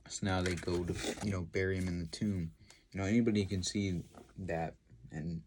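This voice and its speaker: Man, casual scripture retelling, halting speech, lots of fillers, very low voice. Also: steady tone, noisy background. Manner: halting, full of "you know" and "uh"; heartfelt, devotional. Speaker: host retelling a Bible story. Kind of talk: casual storytelling with commentary.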